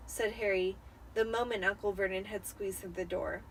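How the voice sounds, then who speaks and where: A woman narrating a novel aloud in a slow, plain way. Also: mid-range voice, fairly even intonation, breathy edge, rough recording. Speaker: reader. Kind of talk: dramatic reading of a novel.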